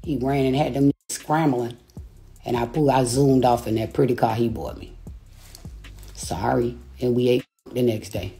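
Low-voiced woman ranting on a livestream. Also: expressive, brisk, a little mellow, faint music behind. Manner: taunting, cursing, laughing between insults. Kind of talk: profane live-stream rant. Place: home, a rented house.

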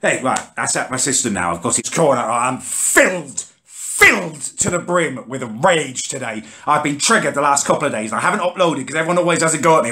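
A man's voice: fairly high pitch, fairly quick, hardly any pauses. A young man, ranting in an exasperated, sweary way as the host of a comic vlog. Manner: exasperated, sweary, rants with lively rises and sudden drops. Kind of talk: comic character rant to camera.

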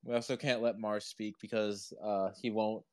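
A man's voice: lowish voice, little pitch movement, moderate pace, a little mellow. A man chatting casually on a live audio stream, rambling with lots of "like" and "uh" and laughing often, through a headphone built-in mic. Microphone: headphone built-in microphone.

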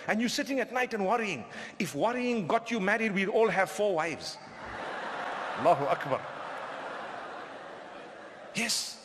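A male preacher from southern Africa giving a humorous, animated lecture to a live audience and often questioning the crowd. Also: extremely high pitch, normal speed, long pauses. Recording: long hall reverb.

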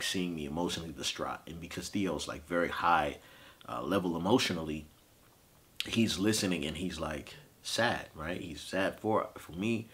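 A man in his thirties, a podcast host, telling a personal story of grief in a halting, emotional way with frequent fillers. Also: sits low, a bit bright. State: grieving.

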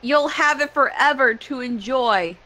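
A woman's voice: high-pitched, unhurried, pushed and bright, low-quality recording. A woman co-hosting a film riff, making crude, mocking jokes in casual chat. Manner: crude, joking. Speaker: co-host.

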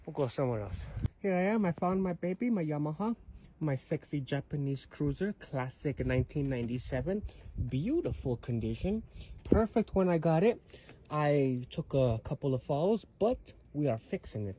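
A man's voice: a little high, lively intonation, moderate pace, mellow, slight background noise. A man rambling to his viewers while he wanders outdoor trails, swearing freely and talking straight to the camera. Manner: chatty, swears a lot, talks to viewers as "you guys". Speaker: vlogger.

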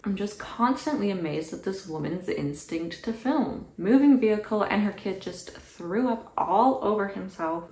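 A woman's voice: medium pitch, creaky, a little mellow, echoey room, poor audio. A woman giving sarcastic, indignant commentary on video clips. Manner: indignant, sarcastic, mocks others in voices. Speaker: commentary YouTuber. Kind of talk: reaction commentary.

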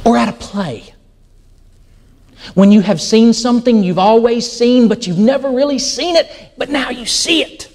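A middle-aged male pastor delivers a sermon at a normal speed in a very high-pitched voice. He tells stories in an animated way and acts out the dialogue he quotes.

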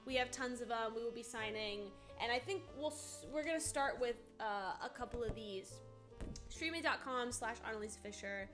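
A woman's voice: a little high, moderate pace, music in the background. A woman who voices characters, hosting a live autograph stream in bubbly, gushing casual chat.

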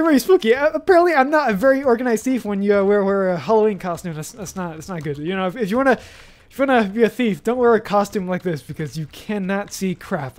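Rambling young man narrating his gameplay. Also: high-pitched. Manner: rambling, self-talking, swears mildly, frequent fillers and restarts. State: hot and sweating in a costume. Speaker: gaming YouTuber. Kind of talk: casual let's-play commentary. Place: hot bedroom.

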